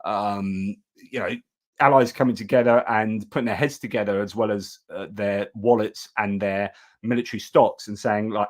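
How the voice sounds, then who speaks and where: A man's voice: lowish voice, moderate pace. A middle-aged man hosting a casual live news stream, talking in a chatty way and breaking off to thank viewers. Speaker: livestream news host.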